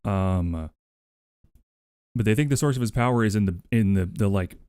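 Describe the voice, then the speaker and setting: Low, dry-sounding man streamer, rambling plot talk, close mic. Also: normal speed, a little mellow, clean tone, no room sound. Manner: rambling, thinks aloud with fillers. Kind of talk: casual livestream chat.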